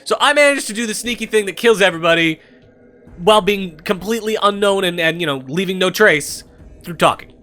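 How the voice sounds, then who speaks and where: A young man giving irreverent let's-play commentary, animated and swearing freely. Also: high voice, a little fast. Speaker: gameplay commentator.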